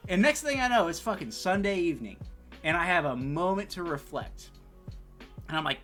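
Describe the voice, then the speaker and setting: Male podcast co-host, bright and very lively delivery, loud bursts, mumbled tails, casual swearing. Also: on the high side, moderate pace, faint music behind. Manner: animated, swings from loud to mumbled trailing words; laughs often, swears casually. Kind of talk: casual chat.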